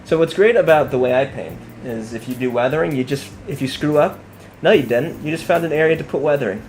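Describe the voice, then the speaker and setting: A man's voice: a little high, fast, darkish tone, slight background noise. A man casually chatting on a live stream as he paints miniatures, joking and rambling as he thinks aloud.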